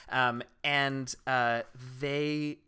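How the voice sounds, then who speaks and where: Bright-voiced man running a tabletop game. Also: mid-range voice, fairly even intonation, drawn-out words, clear, resonant tone. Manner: rambling, filler-heavy, self-correcting. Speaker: game master.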